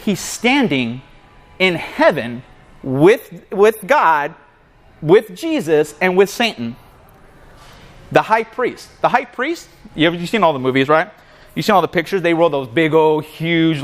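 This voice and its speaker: A man giving a casual sermon at a men's breakfast in a coffee shop, telling a story with lots of animation and often calling his listeners "man.". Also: high-pitched. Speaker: guest speaker at a men's breakfast.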